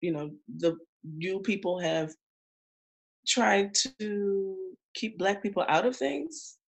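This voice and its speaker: A woman's voice: mid-range voice, gravelly. A woman co-hosting a casual podcast chat, outspoken and emphatic, teasing her co-host. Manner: outspoken, emphatic, quick to tease.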